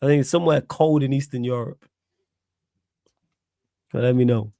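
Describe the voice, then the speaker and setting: A man's voice: mid-range voice, steady tone, moderate pace, vocal fry, mellow, dry recording. A young man from Manchester with a Mancunian accent, hosting a casual football chat, laid-back and slangy, laughing often. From Manchester, England. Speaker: podcast host.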